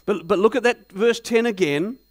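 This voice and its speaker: High-voiced pastor preaching. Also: male voice, normal speed. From Australia. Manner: many rhetorical questions to the congregation; animated storytelling. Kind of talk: sermon. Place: church.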